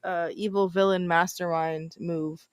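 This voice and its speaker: A woman's voice: on the low side, little pitch movement, unhurried, smooth, dry recording, clean studio sound. A woman co-hosting a wrestling podcast, easygoing and describing her own reactions. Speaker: podcast co-host. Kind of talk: casual wrestling review chat.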